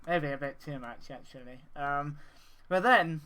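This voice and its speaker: A man's voice: fairly high pitch, measured pace, bright, forceful tone, a little hiss or hum. A man teaching audio effects in an informal, hesitant way, with many fillers. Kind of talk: screen-share software tutorial.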